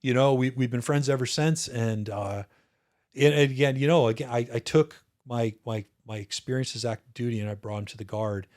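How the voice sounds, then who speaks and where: A man's voice: medium pitch, normal speed, darkish tone. A man in his fifties, a retired officer, telling stories as a guest in a casual interview, earnest and reflective, often restarting his sentences.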